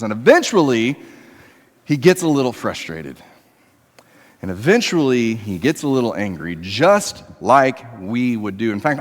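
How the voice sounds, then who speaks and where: A man preaching a sermon in a church, talking to the congregation conversationally and moving between emphatic raised passages and quiet, low ones. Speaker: pastor. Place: church sanctuary. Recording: long reverb of a church hall.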